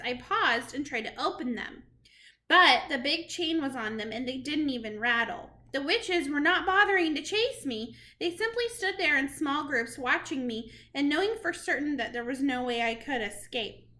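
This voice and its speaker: A woman reading a storybook chapter aloud to children in an expressive, dramatic way. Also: high voice. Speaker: reader to children.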